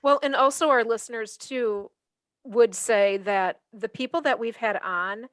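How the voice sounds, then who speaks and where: A woman's voice: fairly high pitch, a little slow, fairly bright tone, no room sound, clean studio sound. A woman co-hosting a podcast, asking long questions and correcting herself as she goes. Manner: rambling, self-correcting questions. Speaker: podcast co-host.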